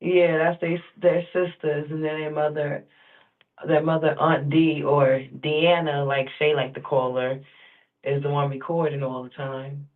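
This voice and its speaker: Male co-host, fairly high voice, sounds phone-thin, animated casual chat. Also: measured pace. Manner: animated, agreeable, slangy. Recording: tinny phone-like line.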